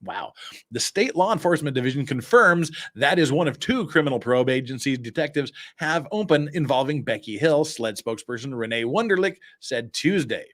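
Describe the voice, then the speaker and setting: A man's voice: mid-range voice, lively intonation, moderate pace, a bit bright. A man with a Utah accent hosting a casual live stream, reading news articles aloud and breaking off into sarcastic asides. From Cache Valley, Utah. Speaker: host.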